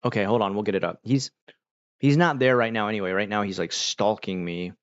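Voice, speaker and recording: A man hosting a casual livestream, talking to chat in a relaxed, rambling way with many fillers. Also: lowish voice, a little fast, no room sound. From United States. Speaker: livestream host. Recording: dull, dry mic sound.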